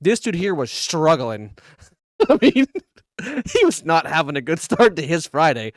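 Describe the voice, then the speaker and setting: A man on a podcast telling a crude, animated story between laughs in casual chat. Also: fairly high pitch, a little slow, no echo, studio quality. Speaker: podcast co-host.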